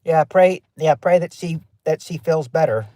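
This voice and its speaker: Rambling livestream host, slightly high voice. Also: male voice, moderate pace, warm tone. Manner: rambling, repeats himself with many restarts. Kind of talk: casual chat reading live chat.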